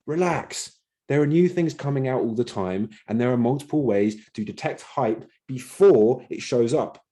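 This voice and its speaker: A man's voice: medium pitch, normal speed, mellow. Emphatic man explaining to camera. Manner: emphatic, repeats words for stress. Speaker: crypto channel host.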